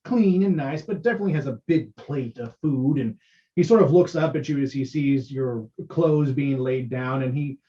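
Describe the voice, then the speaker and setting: A game master narrating a tabletop game in a halting way, full of fillers. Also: medium pitch, dark tone. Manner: halting, many fillers, laughs often. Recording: muffled lo-fi recording.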